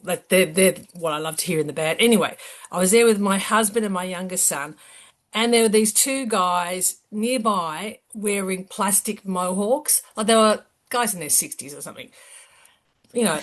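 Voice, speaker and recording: A middle-aged woman in a band, telling a story in an animated, salty way with lots of laughing. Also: mid-range voice, moderate pace. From Australia. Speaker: band member. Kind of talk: casual interview storytelling.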